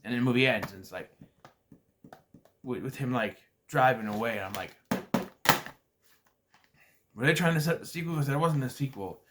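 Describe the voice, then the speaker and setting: A man's voice: mid-range voice, moderate pace, long pauses, background noise. A man casually reviewing a movie for his vlog, rambling with many restarts and acting out scenes. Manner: rambling, hesitant, many restarts and acted-out quotes.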